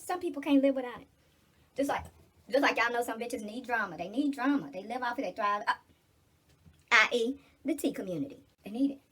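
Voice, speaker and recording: A middle-aged woman talks straight into the camera while she does her hair, blunt, preachy and swearing freely. Her voice is husky and sits a little high. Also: fairly bright tone. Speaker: vlogger. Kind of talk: casual get-ready-with-me chat.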